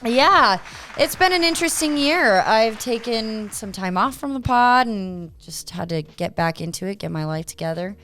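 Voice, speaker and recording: A woman's voice: a little high, expressive, moderate pace, hardly any pauses, fairly bright tone, slight background noise. A woman guesting on a podcast, chatty and self-deprecating as she talks about her own show. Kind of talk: casual podcast chat.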